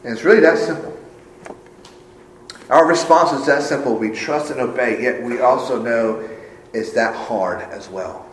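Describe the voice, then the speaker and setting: A male pastor preaching a sermon, moving between hushed, low phrases and raised, emphatic ones. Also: measured pace, long pauses, reverberant, a little hiss or hum, low-quality recording. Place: church sanctuary.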